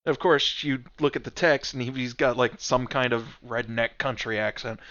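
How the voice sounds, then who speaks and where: A man gives casual stream commentary on a game he built, talking it through in a chatty, explanatory way. His voice sounds bright and forceful. He drops in frequent fillers as he goes. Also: mid-range voice, steady tone, moderate pace, highs cut off. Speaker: game developer hosting a stream.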